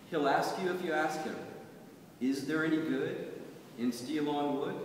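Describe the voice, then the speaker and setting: A man's voice: on the high side, distant mic, a little hiss or hum. Man reading poems in an echoey hall. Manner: rhythmic, measured recitation. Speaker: poet. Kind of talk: poetry reading.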